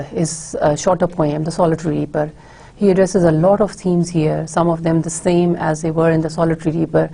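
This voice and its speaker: A woman's voice: on the low side, creaky, warm tone. A woman giving a recorded university literature lecture, explaining steadily with frequent filler words. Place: recording for an online course.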